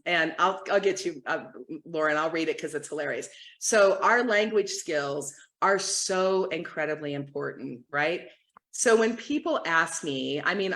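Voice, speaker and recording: Giggly middle-aged woman telling a story. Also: low-pitched. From United States. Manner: giggly and animated, lots of "like" and "right?". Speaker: coach. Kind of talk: livestream storytelling.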